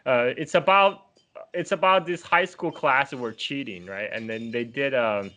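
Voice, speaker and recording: A man's voice: mid-range voice, normal speed, sharp tone. A man hosting a podcast in casual conversation, chatty and laughing often as he talks. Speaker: podcast host.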